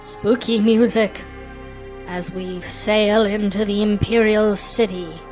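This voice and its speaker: A chatty woman streamer giving loose, casual commentary on her game, often stopping to correct herself. Her pitch is ordinary for a woman. The game's music plays clearly behind her. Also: steady tone, slow pace, a little mellow, rough recording.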